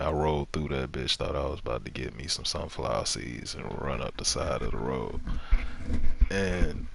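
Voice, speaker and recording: A man's voice: extremely low pitch, creaky, a bit bright. A man streaming a game, telling rambling stories in casual, profane chat.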